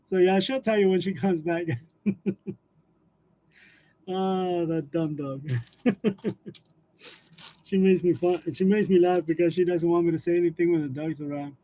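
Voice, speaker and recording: A high-voiced man chats loosely with his livestream viewers. He laughs often, trails off with fillers and drifts from story to story. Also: fairly even intonation, unhurried, pauses often, warm tone, a little hiss or hum. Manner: laughs often while telling stories, chatty with fillers. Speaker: livestream host. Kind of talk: casual livestream chat with viewers.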